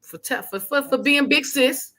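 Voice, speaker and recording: A podcast host with a high-pitched voice at normal speed conducts an interview full of casual, heartfelt, emotional talk. She tells stories in an effusive, animated, emotional way.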